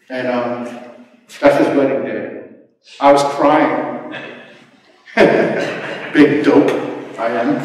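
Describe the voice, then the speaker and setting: A middle-aged man preaching a sermon, swinging from hushed tones to shouting. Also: medium pitch, a little hiss or hum. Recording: roomy hall, mic far off.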